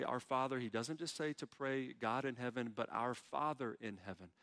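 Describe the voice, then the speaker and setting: A man's voice: medium pitch, a bit bright. Earnest man preaching in a reverberant hall. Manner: earnest, pleading when quoting prayers. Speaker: pastor. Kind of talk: sermon.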